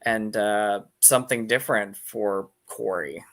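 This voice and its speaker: A man's voice: lowish voice, measured pace, fairly bright tone. A man in his thirties, a guest on a casual stream, talking in a rambling way with many fillers. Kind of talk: casual chat.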